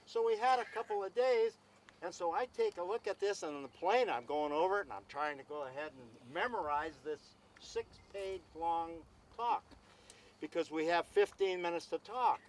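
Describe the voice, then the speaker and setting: A man's voice: high-pitched, animated, normal speed, slight background noise, poor audio. A man telling a long anecdote at an outdoor gathering, acting out both sides of a conversation and repeating himself as he goes. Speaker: speaker at a celebration. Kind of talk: storytelling speech.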